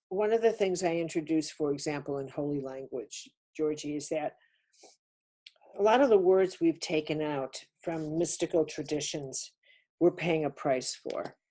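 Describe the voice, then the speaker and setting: A woman's voice: low-pitched, mellow. An older woman giving a spiritual teaching talk on a webinar, emphatic and insistent, repeating key words. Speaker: speaker on a webinar.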